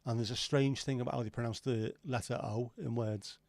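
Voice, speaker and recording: A man's voice: medium pitch, steady tone, a little fast, gravelly, a little mellow, no echo. A man hosting a livestream, rambling and joking as he chats with viewers and swears casually. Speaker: livestream host. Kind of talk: casual chat reading viewer comments.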